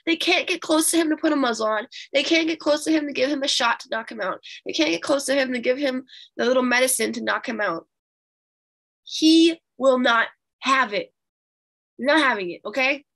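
Animated high-voiced woman preaching. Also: normal speed, gravelly. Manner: animated, emphatic, addresses audience directly. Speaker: prophetess leading Bible study. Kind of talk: storytelling sermon.

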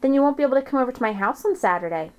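A woman's voice: high-pitched, animated, very fast, dull audio, pitched above the performer's own voice. Woman playing a coaxing old grandpa. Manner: playful, coaxing.

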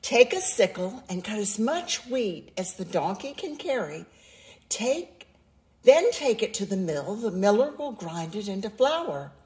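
A woman voicing a patient mother in a storybook, giving calm step-by-step instructions. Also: mid-range voice, a little slow. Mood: instructive.

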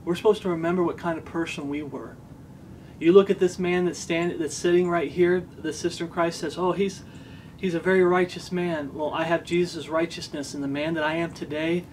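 A man's voice: a little high, a little hiss or hum. A man preaching an earnest sermon, stressing points by repeating them.

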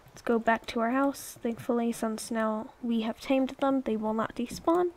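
Young woman, fairly high voice, rambling casual gameplay commentary, exclaims often. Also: steady tone, normal speed, darkish tone, a little hiss or hum. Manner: chatty and rambling, coaxing pets, exclaiming. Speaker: let's play YouTuber.

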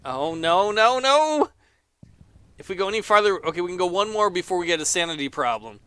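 A man's voice: sits high, sing-song, fairly quick, fairly bright tone, clear, resonant tone, no echo. A man casually commenting on a game as he plays, exclaiming often, laughing and reading the game's text aloud. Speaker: let's player.

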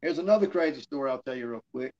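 A man's voice: mid-range voice, animated, rapid-fire, darkish tone, dull audio. Rambling man with a drawl. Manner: rambling anecdotes with fillers, acting out quoted dialogue. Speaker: interview guest, former wrestler. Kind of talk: casual storytelling in an interview.

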